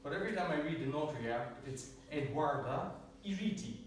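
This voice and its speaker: An Irish man with a slightly high voice delivers a light, self-mocking prepared speech, chuckling as he goes. He stands well back from the microphone, and his voice rings around a very echoey room with a faint hiss behind it. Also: lively intonation, brisk. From Ireland. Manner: joking, self-deprecating, chuckles often. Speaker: club speaker. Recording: very echoey room, distant mic.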